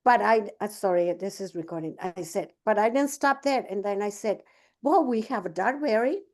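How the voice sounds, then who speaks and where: A woman's voice: mid-range voice, moderate pace. A woman coaching a business team in a casual talk, telling a story and acting out both sides of the conversation. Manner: chatty, many fillers and restarts.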